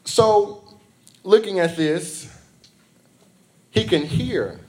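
A man preaching an impassioned evening sermon, swinging between loud calls and soft asides, drawing responses from the congregation. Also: high voice, drawn-out words.

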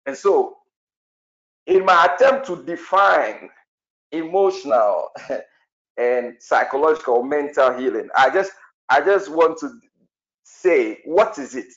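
A man's voice: a little high, expressive, slow, pauses often, a bit bright. A man preaching with passion, exclaiming and praying in tongues. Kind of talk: sermon with prayer. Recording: echoey, dull lo-fi room sound.

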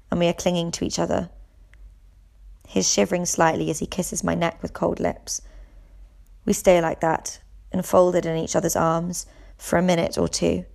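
A woman reading a novel aloud in the first person, at a steady pace. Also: fairly low pitch, creaky. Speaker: audiobook reader. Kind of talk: audiobook narration.

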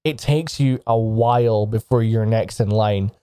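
Mellow-voiced man narrating a tabletop game. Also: lowish voice, unhurried, smooth, no echo. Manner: descriptive second-person narration. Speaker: game master.

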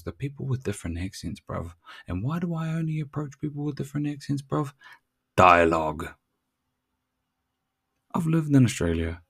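A man's voice: on the low side, darkish tone. A man hosting a motivational podcast, brash and profane, full of street slang. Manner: brash, swearing, street slang, calls listener "bruv".

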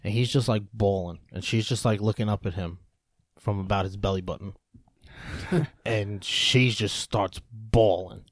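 A man's voice: lowish voice, a little slow, dry recording, clean studio sound. A man hosting a podcast from his apartment, chatting loosely with friends, swearing and laughing often. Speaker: podcast host. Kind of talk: casual chat.

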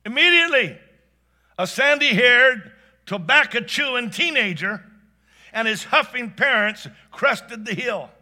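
A man narrating a story with a bright, sharp, fairly high voice. He is animated, dropping to a hush and then surging with excitement. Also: measured pace. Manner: animated, swings between hushed and excited. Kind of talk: expressive spoken storytelling.

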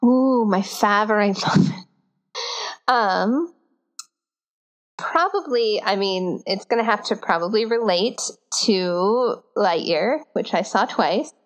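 A woman's voice: medium pitch, animated, takes it slowly. Giggly rambling woman podcast co-host. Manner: rambling, giggly, many fillers. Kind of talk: casual chat.

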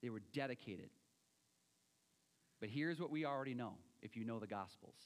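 A man preaching a sermon, animated, acting out quoted voices and swinging between loud and soft. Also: mid-range voice, moderate pace, big-room sound. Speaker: pastor.

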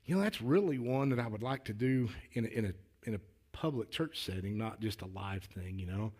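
A man preaching a sermon in a folksy, earnest way, often repeating words as he starts a thought and building to louder, emphatic declarations. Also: on the low side, expressive, fairly quick. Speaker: lay preacher.

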